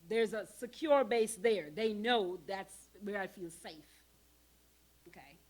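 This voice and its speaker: A woman presenting a parenting workshop in a church hall, emphatic and animated as she talks straight to the audience. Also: medium pitch, takes it slowly. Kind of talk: interactive church workshop teaching.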